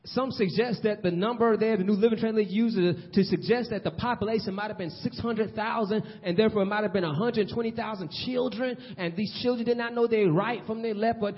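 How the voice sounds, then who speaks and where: A man preaching a sermon in a church, swinging between loud and hushed delivery. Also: high-pitched, brisk, few pauses. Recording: long hall reverb, dull lo-fi sound.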